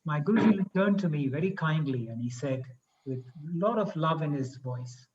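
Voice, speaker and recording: A man's voice: on the high side, expressive, darkish tone. Earnest man on a muffled call. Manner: earnest storytelling, slow emphatic phrasing. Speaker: guest speaker, professor. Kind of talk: spiritual talk with stories.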